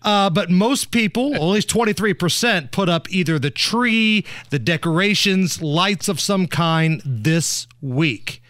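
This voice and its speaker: A man with a fairly high voice co-hosts a radio show, steering segments and joking through news items. His studio sound is dry and close. The delivery is wry and casual. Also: expressive, a little slow, few pauses, fairly bright tone, no room sound. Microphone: studio mic.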